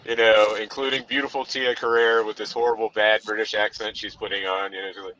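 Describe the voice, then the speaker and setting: A man's voice: fairly low pitch, flat delivery, fairly quick, bright, forceful tone. A man co-hosting a casual film chat from his car, rambling with lots of fillers. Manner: rambling, frequent "you know" fillers. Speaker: podcast co-host. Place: in a car while driving. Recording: dull lo-fi sound with faint background noise.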